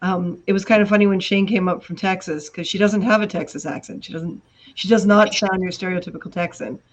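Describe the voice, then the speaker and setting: A Canadian woman with an Ontario accent hosts a casual live video chat, telling stories in a chatty way with quick asides. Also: medium pitch, steady tone, highs cut off. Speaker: host.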